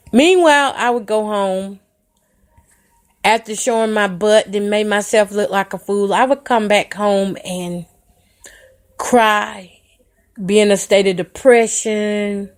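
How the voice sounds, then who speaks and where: A woman hosting a podcast, telling a personal story candidly and emotionally and speaking to her listeners directly. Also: mid-range voice. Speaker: podcast host.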